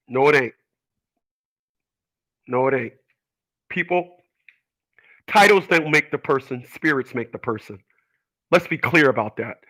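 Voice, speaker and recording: A man's voice: on the high side, pushed and bright, poor audio. A man hosting his own show, talking in an emphatic, rambling monologue full of repetitions and stammered restarts. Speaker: radio show host. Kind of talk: casual monologue.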